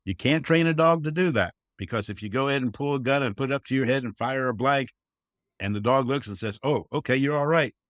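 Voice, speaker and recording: A man's voice: mid-range voice, fast, a bit bright, dry recording, clean studio sound. A man speaking as a podcast guest in casual conversation, earnest and folksy, often saying "you know" and acting out quotes. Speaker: guest, service dog trainer.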